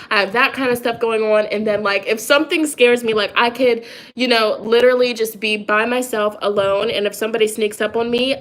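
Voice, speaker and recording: Chatty, rambling higher-voiced woman. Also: a bit bright. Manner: rambling and candid, with many fillers and laughs. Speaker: psychic and tarot reader vlogging. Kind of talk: casual personal chat to viewers.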